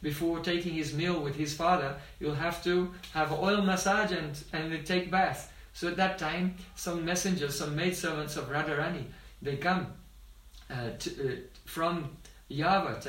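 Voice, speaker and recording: A man's voice: on the high side, a bit bright. A man, a spiritual teacher, giving a devotional talk as a storyteller who often checks in with his listeners. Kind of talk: devotional discourse. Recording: roomy, distant mic.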